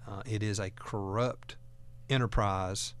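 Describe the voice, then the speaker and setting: Smooth-voiced talk radio host, man. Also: on the low side, fairly even intonation, measured pace. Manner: folksy, earnest, repeats words.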